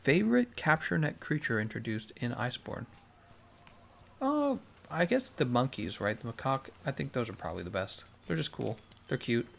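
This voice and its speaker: A man gives relaxed live-stream commentary as he plays, picking up questions from chat and mulling them over aloud. His voice sits at an ordinary middle pitch with a gravelly, creaky edge. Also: moderate pace. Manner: laid-back, reads chat questions aloud and muses on answers. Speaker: game streamer. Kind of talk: casual live-stream commentary while playing.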